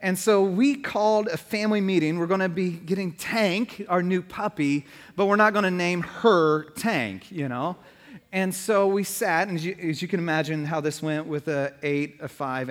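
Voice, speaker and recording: A man's voice: high-pitched, in a large hall. A man in his thirties, a pastor, preaching a sermon full of humorous stories. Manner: humorous storytelling.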